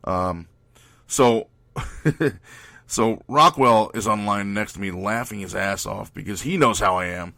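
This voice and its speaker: A man's voice: lowish voice, a little slow, creaky, pushed and bright, no echo. A man hosting his podcast, telling rambling, profane stories packed with fillers. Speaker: podcast host. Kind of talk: casual storytelling.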